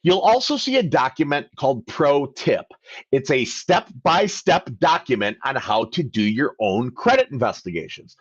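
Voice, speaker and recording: A man's voice: mid-range voice, big pitch swings, moderate pace, breathy edge, no echo, muffled recording. A man hosting a live question-and-answer session as a credit coach, talking emphatically and acting out both sides of phone calls. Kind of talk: livestream Q&A talk.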